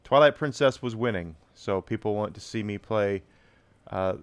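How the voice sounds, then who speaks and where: A man's voice: lowish voice, moderate pace, smooth, no echo. A man streaming a video game, chatting casually and rambling to his viewers as he plays. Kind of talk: casual live-stream chat while playing.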